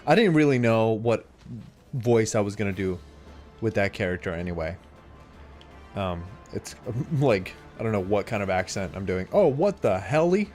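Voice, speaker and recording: A man's voice: on the low side, moderate pace, darkish tone, faint music behind. A young adult man streaming a game, chatting casually and reacting aloud to what happens on screen. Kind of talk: casual live-stream chat while gaming.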